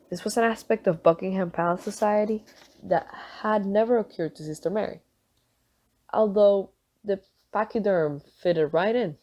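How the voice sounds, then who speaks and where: Mellow woman reading a novel aloud. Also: medium pitch, normal speed. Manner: relaxed, self-conscious asides. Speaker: reader.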